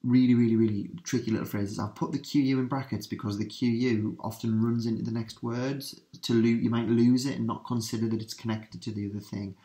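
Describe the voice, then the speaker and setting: A male teacher giving a revision lesson, repeating key words for emphasis and slowing down for French examples. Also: mid-range voice, flat delivery, mellow.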